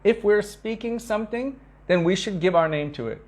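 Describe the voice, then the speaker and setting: A man giving an earnest devotional talk to disciples, telling stories with emphatic repetition and acting out quoted speech. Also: moderate pace. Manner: acts out quoted speech with sharp pitch shifts. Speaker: spiritual teacher.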